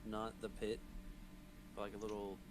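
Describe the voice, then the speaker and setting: A man acting as game master, chatting casually over a voice call and pitching a short session, hesitant and full of fillers. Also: completely flat delivery, normal speed. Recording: noisy voice chat line.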